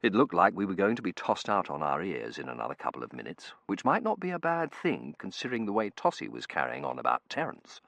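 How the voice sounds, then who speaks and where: Gravelly, expressive male narrator. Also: sits low, fast, hardly any pauses, no echo. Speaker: audiobook narrator. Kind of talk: scripted narration.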